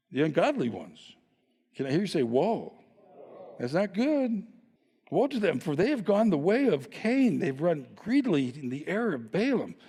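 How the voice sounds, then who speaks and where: Animated preacher man in a reverberant hall. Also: on the high side, husky. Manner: animated, teasing rhetorical questions to the congregation. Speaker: pastor. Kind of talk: sermon.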